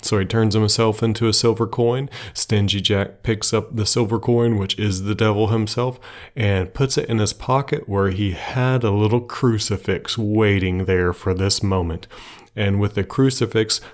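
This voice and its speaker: Podcast guy spinning a folk tale, folksy and chatty, lowish voice. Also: normal speed. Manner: folksy, colloquial and lively. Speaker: podcast host. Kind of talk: casual storytelling.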